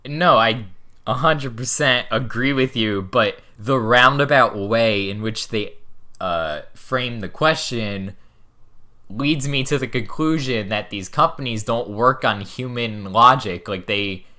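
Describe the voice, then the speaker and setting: A man's voice: mid-range voice, takes it slowly, bright, forceful tone. A man of about twenty, hosting a podcast, musing in casual chat and hedging with 'like' and 'you know'. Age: around 20. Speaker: podcast host.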